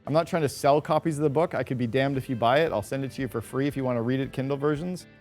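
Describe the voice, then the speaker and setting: A man's voice: medium pitch, rapid-fire, darkish tone, soft background music. A man giving a motivational business talk to a live audience, direct and emphatic, with punchy short lines. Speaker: speaker addressing an audience.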